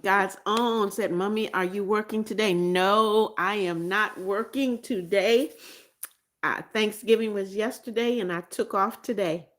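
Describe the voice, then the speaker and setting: A woman's voice: medium pitch, measured pace. Chatty American woman hosting a livestream. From United States. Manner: chatty, repeats greetings and names, coaxing viewers. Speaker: livestream host. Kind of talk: casual livestream chat reading comments.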